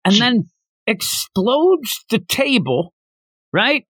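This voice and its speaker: A man's voice: extremely high pitch, very animated, very slow, a bit bright, husky, no room sound, clean studio sound. A man co-hosting a casual manga discussion podcast, animatedly recapping scenes and acting out the characters' lines. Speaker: podcast co-host.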